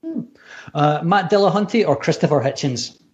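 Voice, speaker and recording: Scottish man, podcast host, playful teasing tone, somewhat high pitch, video call. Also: lively intonation, darkish tone, highs cut off. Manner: playful, teasing quick-fire questioner. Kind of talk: casual livestream interview.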